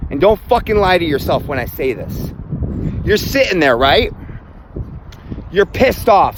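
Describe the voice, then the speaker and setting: A man's voice: high voice, very animated, unhurried, long pauses, a little hiss or hum. A man delivering a profane motivational rant, blunt and emphatic, swearing constantly. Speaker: self-help vlogger.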